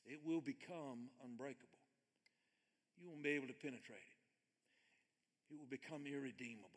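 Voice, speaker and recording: An older man preaching a sermon with earnest emphasis, shifting between loud stressed readings and hushed quiet lines. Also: mid-range voice, moderate pace, pauses often, big-room sound. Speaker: pastor.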